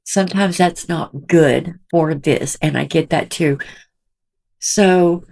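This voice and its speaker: A woman's voice: sits low, takes it slowly, gravelly, a little mellow. A middle-aged woman hosting a commentary channel, talking in an emotional, indignant, rambling way from a small room at home.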